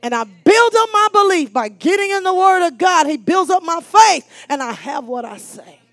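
A woman preaching a sermon, animated, calling out to the congregation and dropping from shouts to hushed asides. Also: very high voice, moderate pace, no room sound. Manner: animated and call-and-response, swinging between shouts and hushed asides.

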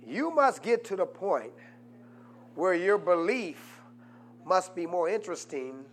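A man pastor preaching a sermon and drawing answers from the congregation, swinging from quiet asides to loud, fervent peaks. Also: sits high, big pitch swings, slow pace. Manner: rises to loud preaching, asks congregation "what?". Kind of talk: call-and-response sermon.

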